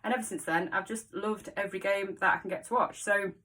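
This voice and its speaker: A woman's voice: mid-range voice, fairly even intonation, quick pace, a bit bright. A woman, chatting casually to camera in a rambling vlog. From England. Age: 40s. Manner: rambling, chatty, many asides. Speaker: vlogger. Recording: voice a bit far from the mic.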